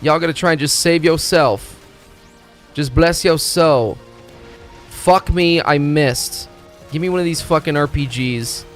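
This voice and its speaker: A man streaming a video game, talking in a rambling, excitable, profane way as he plays. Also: on the high side, a little slow. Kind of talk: casual gaming commentary. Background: faint game music.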